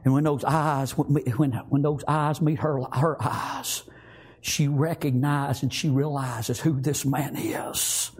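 A man's voice: a little high, little pitch movement, slow pace, darkish tone, breathy edge. A man preaching a sermon as a story, fervent and repetitive, punctuating it with amens and praise.

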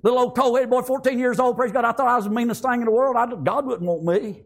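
A middle-aged man preaching a sermon in a folksy rural way, calling out to the congregation and dropping into quiet storytelling. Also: very high-pitched, fairly even intonation, quick pace, vocal fry. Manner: folksy, rural speech, frequent call-outs and "praise God"; swings between shouting and hushed storytelling. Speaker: pastor.

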